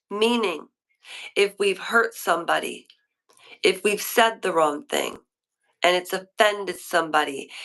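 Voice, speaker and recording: A woman hosts a rambling live stream, chatting with her viewers from a hotel room. She talks at an unhurried pace, and her voice is bright and forceful. She is opinionated and keeps drifting from one thought to the next. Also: medium pitch. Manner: chatty, opinionated, wanders off topic. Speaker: livestream host.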